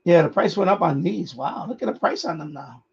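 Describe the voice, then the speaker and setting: A man's voice: sits high, animated, brisk, creaky, slightly rough, lo-fi sound. A man hosting a radio hobby live stream, chatting casually in a rambling way, repeating himself and chuckling often.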